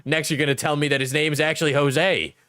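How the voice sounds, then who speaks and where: A man's voice: on the high side, fairly even intonation, fairly quick, sharp tone, no echo. A man streaming live and reacting to online drama, joking and laughing often as he talks to his chat. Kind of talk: casual livestream reaction commentary.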